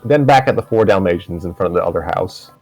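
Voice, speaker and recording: Low-voiced man reading a story aloud. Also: fast talker, gravelly, no room sound, faint music behind. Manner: steady narration with occasional restarts. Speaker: story reader.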